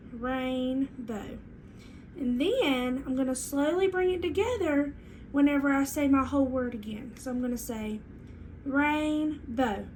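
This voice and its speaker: A woman teacher reads aloud and leads a reading lesson for young children, speaking clearly in a sing-song classroom manner. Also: sits high, darkish tone, slight background noise.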